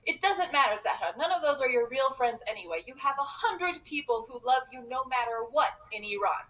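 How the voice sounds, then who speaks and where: A woman's voice: high-pitched, animated, brisk, a bit bright, distant mic, poor audio. A woman voicing her frightened, protective immigrant mother, who repeats her words in panicked cries. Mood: soothing.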